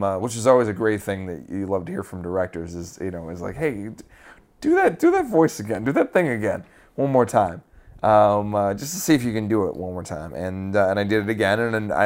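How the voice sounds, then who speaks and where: Low-voiced man telling a rambling story. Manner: rambling, full of fillers and restarts. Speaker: actor and interview guest. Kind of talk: casual interview storytelling.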